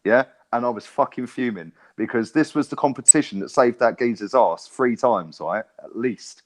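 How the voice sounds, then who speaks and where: A man's voice: mid-range voice, moderate pace. A man from England, ranting about football in casual podcast chat. He swears a lot and keeps checking with "right?". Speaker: podcast co-host.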